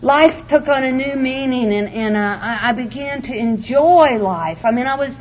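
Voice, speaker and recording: A woman's voice: high voice, moderate pace. A woman giving a candid, heartfelt personal testimony to a recovery meeting audience, with touches of wry humor. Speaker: speaker sharing her recovery story. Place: meeting room before a live audience. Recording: muffled lo-fi recording, faint hiss.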